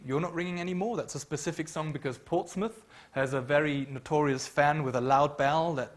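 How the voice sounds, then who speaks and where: Man lecturing, fairly high voice. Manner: explanatory, hedging with frequent ums, hums chant tunes. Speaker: university lecturer. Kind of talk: academic lecture. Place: university lecture room. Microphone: microphone.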